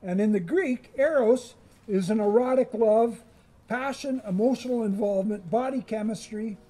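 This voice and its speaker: A man's voice: high-pitched, moderate pace, dark tone. A male chaplain giving a chapel talk, explaining ideas plainly and speaking directly to his listeners. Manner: plain teaching tone, addressing the group directly. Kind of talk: chapel sermon.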